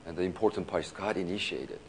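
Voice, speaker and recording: Low-voiced guy pastor telling stories, laughs a lot, keeps saying you know, faint rumble behind. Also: quick pace. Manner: casual, laughing often, many restarts and "you know". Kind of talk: sermon storytelling.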